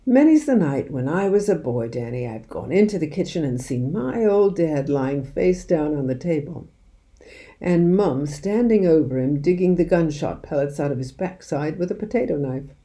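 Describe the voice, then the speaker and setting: A woman reading aloud, voicing a lively, mischievous village father who loves poaching and shares his secrets. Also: deep voice, moderate pace. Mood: animated. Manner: animated, conspiratorial, drops to hushed secrecy.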